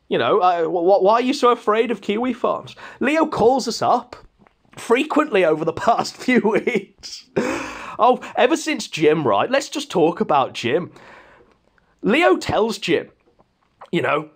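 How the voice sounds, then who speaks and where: A man's voice: high-pitched, sing-song, a little slow. A man hosting a podcast, ranting in a mocking, scornful way. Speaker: podcast host. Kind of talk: casual ranting commentary.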